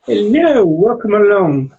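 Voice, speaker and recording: A man's voice: sits high, very animated, unhurried, mellow, dull audio. A man co-hosting a beer review livestream, joking around, reading viewer comments and describing beers. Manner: jokey, banters and reads out viewer comments. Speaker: co-host of a beer review show. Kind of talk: casual chat and beer tasting on a livestream. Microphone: home setup on a live video stream.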